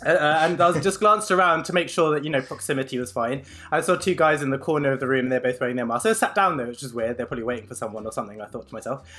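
A young man telling an anecdote in casual chat, animated and full of fillers. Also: mid-range voice, rapid-fire, hardly any pauses, soft background music. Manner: animated storyteller, many fillers.

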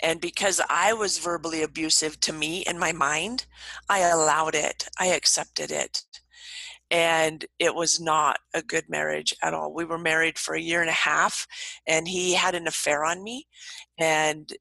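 A middle-aged woman guest telling lively, upbeat stories in casual conversation. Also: low voice, unhurried, gravelly, dry recording, low-quality recording. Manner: upbeat, animated storytelling.

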